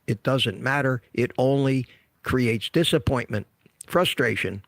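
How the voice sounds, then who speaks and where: A man's voice: medium pitch, unhurried, gravelly, a bit bright, dry recording, studio quality. A man in his seventies who hosts a health channel, giving direct, emphatic, somewhat repetitive advice in casual livestream talk. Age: 70s.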